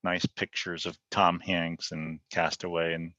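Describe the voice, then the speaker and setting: A male professor talks through an online class in a casual, joking way, thinking aloud as he goes. His voice is lowish but forceful and bright, and it sits dry and close in slightly dull video-call audio. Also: little pitch movement, measured pace, dry recording. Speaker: college geography professor. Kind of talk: recorded online class session.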